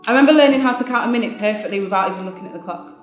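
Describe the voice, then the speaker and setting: A woman's voice: medium pitch, rapid-fire. Woman doing a solo stage monologue, wry and chatty, really echoey theatre, bit of music. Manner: wry, lively storytelling with laughs.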